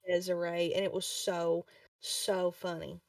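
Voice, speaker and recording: A woman's voice: fairly low pitch, flat delivery, unhurried, vocal fry, no room sound, studio quality. A young woman co-hosting a casual podcast, adding short, chatty comments to the conversation. Her voice sounds distant, as if she sits away from the mic. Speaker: podcast co-host. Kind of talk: casual chat.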